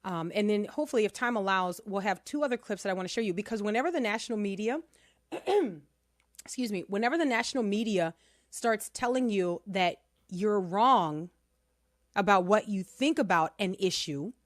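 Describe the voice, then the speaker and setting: A middle-aged woman hosts a talk radio show in a chatty, emphatic way. Her voice sits at an ordinary pitch. The sound is close and dry, with no room around it. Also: animated, moderate pace, no echo. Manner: chatty, emphatic, laughs often. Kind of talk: casual talk radio commentary.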